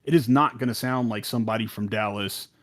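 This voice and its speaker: A man's voice: lowish voice, a little fast, fairly bright tone. A young man co-hosting a podcast, talking casually with many likes and ums. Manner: rambling, lots of like and um. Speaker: podcast co-host.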